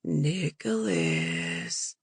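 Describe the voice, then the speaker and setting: Woman doing a creepy sing-song vampire dad, slow and smug, dry close audiobook sound. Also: a bass voice, big pitch swings, gravelly, husky, no room sound, pitched below the performer's own voice, exaggerated voice. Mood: mocking. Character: sinister old male vampire lord, mocking. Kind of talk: audiobook character voice.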